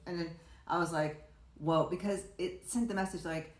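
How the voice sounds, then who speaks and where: A low-pitched woman chats on a podcast, rambling and restarting as she tells her stories. She acts out what people said. The room gives her voice a roomy echo. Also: fairly even intonation, moderate pace. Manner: rambling storyteller, many restarts, acts out quotes. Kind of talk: casual conversation.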